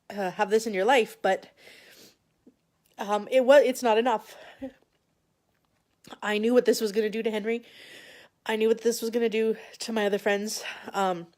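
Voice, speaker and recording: A woman talks to camera in a personal, confessional vlog. Her voice sits at a middle pitch, and she sounds emotional and close to tears. She speaks haltingly, often restarting her sentences and pausing for long stretches. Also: darkish tone. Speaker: vlogger sharing a personal story.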